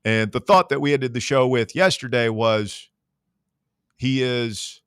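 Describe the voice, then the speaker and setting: A man's voice: mid-range voice, a little slow, fairly bright tone, clear, resonant tone, no room sound, clean studio sound. A man hosting a sports talk radio show in a rambling, jokey, self-deprecating way. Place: radio studio. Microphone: studio microphone.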